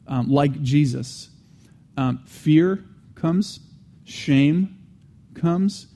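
A man preaching in an earnest, teaching manner, with a mellow, warm tone. He circles back to repeat his main points and slips in casual asides between restarts. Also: a little high. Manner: frequent restarts and fillers, conversational asides. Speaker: Christian teacher. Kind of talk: teaching sermon.

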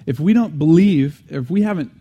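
A man preaching in an earnest, teaching manner, with a mellow, warm tone. He circles back to repeat his main points and slips in casual asides between restarts. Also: on the high side, expressive, normal speed, muffled recording. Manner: frequent restarts and fillers, conversational asides. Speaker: Christian teacher. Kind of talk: teaching sermon.

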